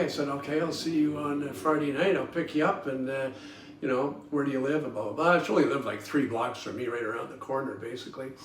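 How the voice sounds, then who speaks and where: This podcast host is a Toronto man in his 70s with a fairly high voice, rambling through personal stories in a folksy way, with chuckles and lots of ums and uhs. The background is noisy, the sound roomy from a distant mic, and faint guitar music can be heard.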